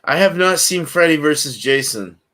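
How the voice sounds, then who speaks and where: This man's voice is a little high and sharp, animated, at a normal speed. Hosting a livestream, he keeps things casual and slangy with viewers in the chat, laughing often.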